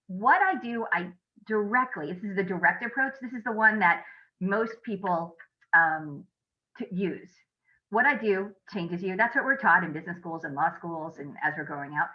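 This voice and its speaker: Earnest woman coach in a muffled webinar. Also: medium pitch. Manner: earnest and explanatory, with frequent um fillers and rhetorical questions. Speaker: leadership coach giving a webinar talk. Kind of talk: interactive webinar presentation.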